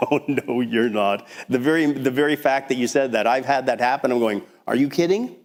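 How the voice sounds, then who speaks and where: A man preaching a sermon as pastor, talking in a conversational, animated way with frequent restarts. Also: mid-range voice, normal speed. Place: church sanctuary. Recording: long hall reverb.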